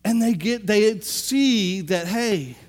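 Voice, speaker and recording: A middle-aged man preaching a sermon in a high, light voice. He tells the story with animated energy and slips into the characters' lines as he goes. His delivery is conversational and full of asides. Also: slow pace.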